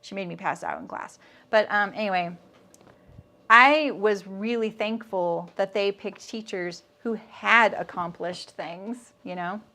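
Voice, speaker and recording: A middle-aged woman hosts a live sewing lesson, talking casually as she sews. She breaks off to answer viewers' comments and keeps a relaxed, friendly, rambling flow. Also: medium pitch, measured pace. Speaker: sewing instructor.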